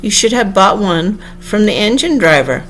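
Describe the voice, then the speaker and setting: A woman's voice: medium pitch, lively intonation, moderate pace, fairly bright tone, slight background noise, lightly acted. A woman voicing a stern, impatient train guard.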